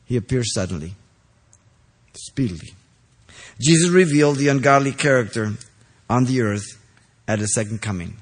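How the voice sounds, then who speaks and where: A man preaching an expository sermon, stressing key phrases loudly and then dropping low, pausing to ask listeners if they are following. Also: expressive. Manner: asks the congregation checking questions.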